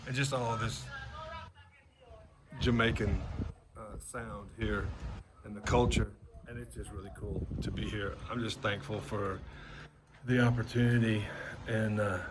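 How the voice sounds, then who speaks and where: Male pastor, casual vlog, lowish pitch, hesitant and filler-heavy, recorded outside with soft waves and traffic behind. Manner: halting, many fillers and restarts. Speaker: preacher. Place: outdoors under a gazebo by the sea. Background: faint outdoor ambience of waves, voices and traffic.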